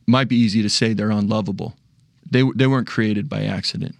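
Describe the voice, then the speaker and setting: A man's voice: lowish voice, fairly even intonation, a little fast, creaky, no room sound. A young man talking casually and earnestly about faith, often restarting his sentences. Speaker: discussion panelist.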